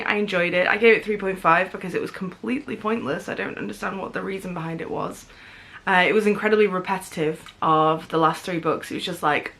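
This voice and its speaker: A woman's voice: mid-range voice, fairly bright tone. A young woman in her twenties chatting casually at home in a book vlog, gushing and full of fillers. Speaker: book vlogger. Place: home, in pajamas.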